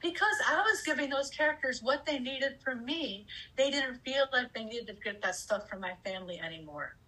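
Bright-voiced woman, candid and expressive. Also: sits high, normal speed, poor audio. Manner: expressive, acts out her inner voices, swears casually. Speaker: speaker sharing personal experience. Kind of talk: candid personal storytelling.

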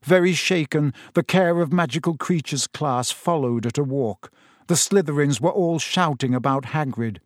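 A man reading a novel aloud as a steady, expressive audiobook narrator. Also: a little high, moderate pace, no room sound, studio quality. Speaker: audiobook reader. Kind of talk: storybook narration.

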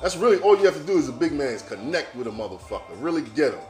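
Profane, animated man holding forth. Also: on the high side, racing, roomy sound, faint music behind. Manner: loose, profane and animated, addressing listeners directly. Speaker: podcast host. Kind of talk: casual monologue.

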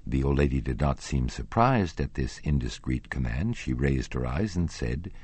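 Male audiobook narrator, very deep, dry close recording. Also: expressive, moderate pace, few pauses, darkish tone, slightly rough, dry recording. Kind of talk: reading a classic novel aloud.

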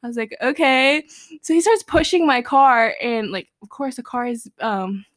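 A young woman talks with a friend in a rambling, animated way, her words tumbling out with plenty of fillers. Her voice sits a little high, and the sound is close and dry, with no room around it. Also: moderate pace, no room sound. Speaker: storyteller. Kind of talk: casual chat between friends.

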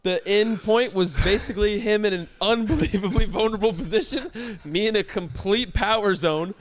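A man's voice: high voice, moderate pace. A young man co-hosting a podcast, telling stories in casual banter and acting out what people said. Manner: animated storyteller, acts out voices. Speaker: podcast co-host.

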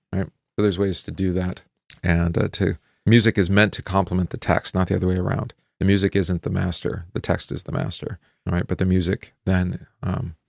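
Man, middle-aged, deep voice, gravelly, dry close sound, chatty hymn teacher, lots of ums. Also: no room sound. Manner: conversational, many fillers and asides. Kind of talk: informal hymn study talk.

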